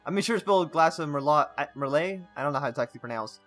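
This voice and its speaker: A man's voice: fairly high pitch, animated, racing, a bit bright, faint music behind. A man playing a story game, reading its text aloud with stumbles and breaking off into casual asides. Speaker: gaming channel host.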